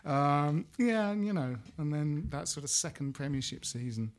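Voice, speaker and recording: A man's voice: fairly high pitch, animated, moderate pace, slight background noise. A man hosting a football podcast, jokey and rambling with lots of fillers. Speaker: podcast host. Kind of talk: casual chat.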